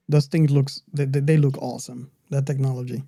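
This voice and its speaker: A man's voice: mid-range voice, level tone, normal speed, warm tone, no echo, clean studio sound. A man in casual podcast chat, speaking hesitantly with many fillers. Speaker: podcast co-host.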